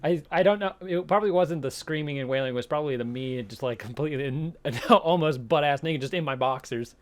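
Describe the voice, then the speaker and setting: A man's voice: a little high, brisk. Laid-back young man, podcast banter. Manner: laid-back, laughing, sprinkled with swearing. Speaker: podcast co-host. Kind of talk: casual chat.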